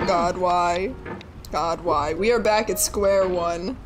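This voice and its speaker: A woman's voice: lowish voice, noisy background. A young woman in her twenties streaming a game live. She pleads, swears and mocks herself as she keeps failing. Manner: frustrated, pleading and swearing under her breath; self-mocking with bursts of laughter. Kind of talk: live gaming commentary.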